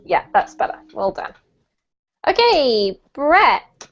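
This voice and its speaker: Slow-paced and high-pitched, this woman's voice swings widely in pitch and has a fairly bright tone. She teaches English pronunciation online in a chatty, encouraging way, laughing lightly, heard through dull lo-fi video-call audio.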